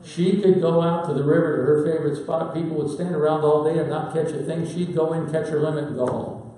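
A man preaching a sermon in a folksy storytelling manner with dramatic pauses. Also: fairly high pitch, level tone, warm tone, slight background noise. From Pacific Northwest, United States. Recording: very echoey hall, voice from far off.

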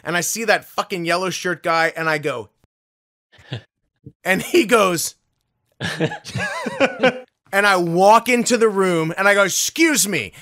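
Animated, bright-voiced storytelling man. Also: high voice, slow pace, long pauses, dry recording, clean studio sound. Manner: animated, swearing freely. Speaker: guest voice actor. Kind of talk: casual storytelling interview.

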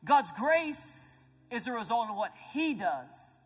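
A man preaching a sermon as pastor, emphatic and building to loud declarations, with joking asides to the congregation. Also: extremely high pitch, big pitch swings, takes it slowly, slightly rough. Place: church auditorium. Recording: large church hall with reverb and faint music.

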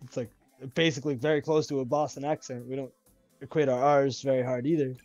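A streamer from Massachusetts with a Worcester accent, rambling in casual gaming chat with lots of filler words. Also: male voice, medium pitch, fairly even intonation, quick pace, darkish tone, dry recording. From Massachusetts, USA. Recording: dull lo-fi mic with game music.

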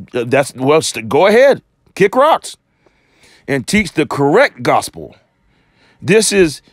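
A man's voice: fairly high pitch, no room sound, clean studio sound. A man ranting to camera in a preachy, scornful way, quoting scripture and rambling with restarts. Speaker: religious commentator. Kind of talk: off-the-cuff rant to camera.

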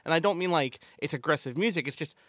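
A man's voice: fairly high pitch, quick pace, fairly bright tone, no echo. Rambling podcast man, dry close sound. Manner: rambling with many fillers and restarts. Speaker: podcast co-host. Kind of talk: casual chat.

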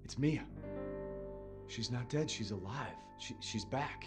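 A stammering shaken husband. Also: male voice, medium pitch, lively intonation. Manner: halting, stammering. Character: shaken young husband in a horror game. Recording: game dialogue over music.

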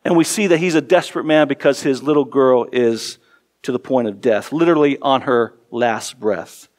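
A man in his forties, a pastor preaching a sermon, earnest and repeating words for emphasis, dropping soft and low in tender passages. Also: moderate pace.

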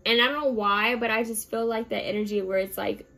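A woman's voice: on the high side, steady tone, fairly quick, gravelly, sharp tone, rough recording. A woman giving a casual tarot card reading, speaking earnestly and chattily to her viewers as "you guys". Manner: earnest, spiritual advice-giving.

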